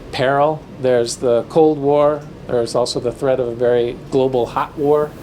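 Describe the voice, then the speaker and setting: A man leading a classroom workshop with slides, talking in halting phrases with frequent fillers and restarts. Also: medium pitch, darkish tone. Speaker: workshop leader. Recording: noisy room recording.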